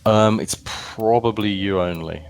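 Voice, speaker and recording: A man's voice: on the low side, unhurried, vocal fry, a little hiss or hum. A man co-hosting a gaming livestream, explaining the game in a chatty, casual way. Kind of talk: casual gaming stream chat.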